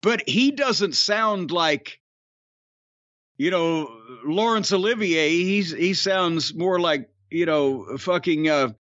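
High, bright-voiced profane podcast host. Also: male voice, takes it slowly, no room sound, dull audio. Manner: profane, sarcastic storytelling. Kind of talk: casual chat.

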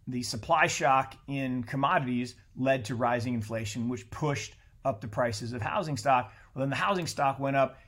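A middle-aged man talking as a podcast guest in a casual conversation, animated and blunt, swearing freely and often restarting his sentences. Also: medium pitch.

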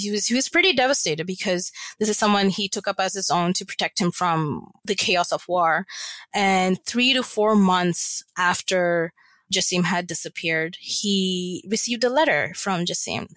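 A woman's voice: on the low side, normal speed, fairly bright tone, no echo. A woman guest on a podcast, recounting a family story in an earnest, reflective way with many casual fillers. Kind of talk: personal storytelling in an interview.

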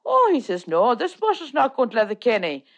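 A woman's voice: a little high, wildly swooping pitch, fairly quick, highs cut off. An older woman with a Donegal Irish accent, telling plain-spoken, self-mocking stories as an interview guest. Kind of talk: casual storytelling.

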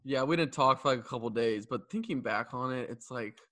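A man's voice: mid-range voice, brisk, pushed and bright, no room sound. A young man in his twenties casually retelling a story to a friend, laughing often and swearing.

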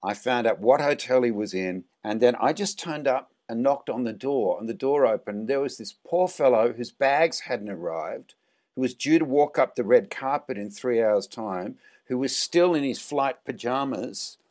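A middle-aged Australian man, a film director, telling animated anecdotes in an interview and jumping up in pitch for quoted lines. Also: moderate pace. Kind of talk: storytelling interview.

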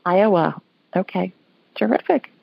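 Hosting a call-in radio show, a woman from Alabama chats in a folksy way and laughs easily, keeping the conversation casual. Her medium-pitched voice is gravelly and husky, and she speaks at a measured pace. The recording is muffled, with no echo.

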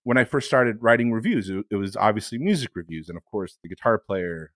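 An improv comedy podcast co-host talks briskly in an animated, slightly bright voice on the low side, with no echo. In this casual chat he rambles earnestly between bursts of teasing.

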